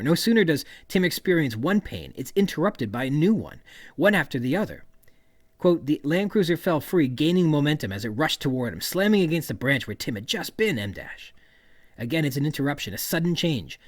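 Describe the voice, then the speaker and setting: On his podcast, a man with a fairly high voice analyzes a novel's writing in a monologue, reading quoted passages aloud and then explaining them. His emphasis is lively and expressive, and the recording is dry.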